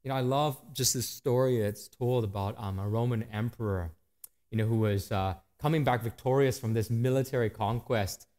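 A man in his thirties preaching a sermon to his church, animated and rising and falling in pitch and volume. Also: moderate pace. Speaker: pastor.

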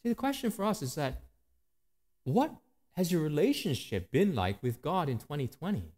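A man in his thirties preaching a sermon to his church, animated and rising and falling in pitch and volume. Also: moderate pace. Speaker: pastor.

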